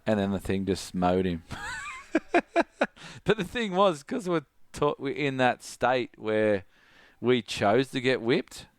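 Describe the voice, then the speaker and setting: A middle-aged Australian man, a surf coach, telling a story in casual chat, animated and laughing, full of "like". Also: mid-range voice, a little slow, smooth, dry recording, clean studio sound. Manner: animated, laughing, heavy use of "like".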